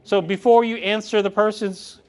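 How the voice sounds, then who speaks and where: A man's voice: sits high, moderate pace. A man leading a live real estate coaching session, joking and calling on the audience. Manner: animated, joking, calls on audience.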